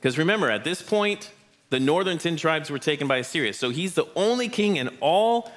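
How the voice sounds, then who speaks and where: A man's voice: a little high, fairly bright tone. Encouraging man teaching kids in church. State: out of breath. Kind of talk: family Bible lesson. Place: church hall with audience.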